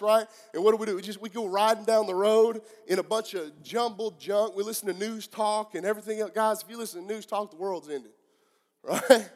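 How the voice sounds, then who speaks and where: A middle-aged Southern US pastor with a notably high, bright-pitched voice preaches to his congregation. His words ring out with a long reverb through the church hall. He is earnest and questioning, and he stumbles into restarts as he goes. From southeastern United States. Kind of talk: sermon. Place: church sanctuary.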